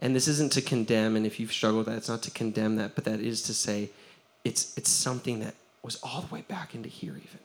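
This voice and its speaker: A man, a pastor giving a lively sermon, acting out the quotes he tells and laughing often. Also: on the low side, fairly quick.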